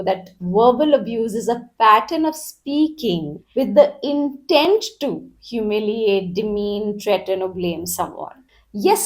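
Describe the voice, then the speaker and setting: Brief: woman educator, middle pitch, calm and measured explanatory delivery. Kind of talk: educational talk on trauma.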